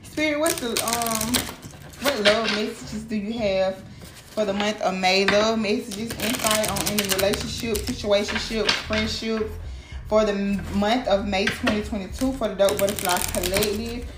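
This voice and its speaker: A woman doing a casual tarot reading, animated and profane, talking straight to her viewers. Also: mid-range voice, normal speed. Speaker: tarot reader. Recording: echoey room with clear background noise.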